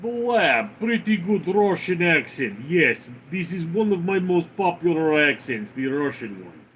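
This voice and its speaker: A slow, deadpan man reads his livestream chat aloud and tosses back dry replies. His voice sits a little high for a man and swings widely in pitch. A faint hiss runs under the recording. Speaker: livestream host reading chat. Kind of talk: casual chat reading comments aloud.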